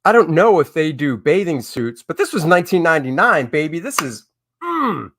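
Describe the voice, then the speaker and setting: A man's voice: on the high side, sing-song, moderate pace, fairly bright tone. A middle-aged man hosting a casual live stream as a comic artist, talking in a candid, opinionated and rambling way.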